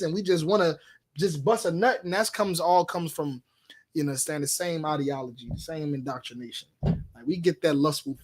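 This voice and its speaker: A man delivers a fiery street sermon in a higher-than-usual voice, hammering his points and checking in with "you understand?" The talk rolls on in long, loose runs. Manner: preachy, repeats "you understand?". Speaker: street preacher. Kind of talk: preaching history class.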